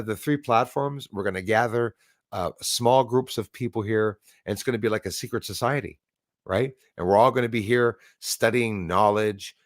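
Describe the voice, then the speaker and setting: A man's voice: fairly low pitch, dry recording, clean studio sound. A Canadian man hosting a livestream, chatting casually and rambling with many fillers as he thanks viewers. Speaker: livestream host. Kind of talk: casual livestream chat reading comments.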